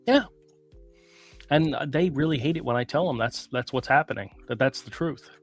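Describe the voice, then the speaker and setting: A man's voice: mid-range voice, moderate pace, soft background music. Rambling chatty man hosting a stream. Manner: rambling, self-mocking storyteller, laughs often. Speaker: podcast host. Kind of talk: casual live-stream chat. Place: small room with some echo.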